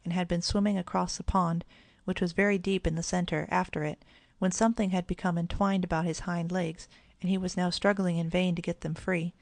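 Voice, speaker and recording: Gravelly woman reading a children's story. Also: fairly low pitch, level tone, brisk, no echo. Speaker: audiobook narrator. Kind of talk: children's audiobook narration.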